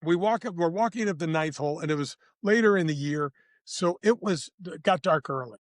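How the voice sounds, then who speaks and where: A man in his sixties from St. Louis, a former tour golfer telling lively, slangy stories as a podcast guest. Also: fairly high pitch, brisk, no echo, studio quality. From St. Louis, USA. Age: 60s. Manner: lively, slangy, addresses the host directly. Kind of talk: casual anecdotal storytelling.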